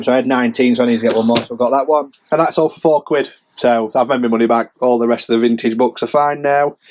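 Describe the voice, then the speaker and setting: A man's voice: medium pitch, darkish tone. Bloke chatting thru his sales, rambly and jokey, bit of hiss behind. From England. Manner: chatty, self-mocking, rambling with restarts. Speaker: reseller vlogger. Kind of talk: casual rambling sales update.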